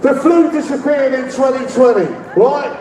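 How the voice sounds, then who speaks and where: High-pitched London man shouting at a rally. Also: moderate pace. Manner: rambling, shouts out demands, leads call-and-response. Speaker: activist speaker at a rally. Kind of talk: rally speech. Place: public rally. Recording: echoey, distant, with crowd noise. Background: faint crowd and ambient noise.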